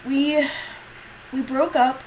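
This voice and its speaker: A woman's voice: high voice, little pitch movement, slow pace, a little mellow, dull audio, slight background noise. A young woman talking casually to her camera, rambling and self-deprecating with lots of fillers and swearing. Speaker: vlogger. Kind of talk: casual confessional vlog.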